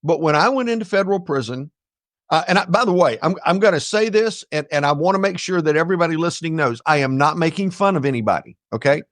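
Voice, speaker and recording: Lively high-pitched storytelling man. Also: quick pace, no room sound, clean studio sound. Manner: jokey, blunt asides to listeners. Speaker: guest, ethics speaker. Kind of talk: animated personal storytelling.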